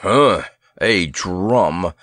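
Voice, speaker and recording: A man's voice: low voice, expressive, extremely slow, fairly bright tone, dry recording, studio quality, voice pushed down, exaggerated voice. A man doing a morose, grumbling elephant. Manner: morose, sarcastic and cross. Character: haughty grumbling male elephant.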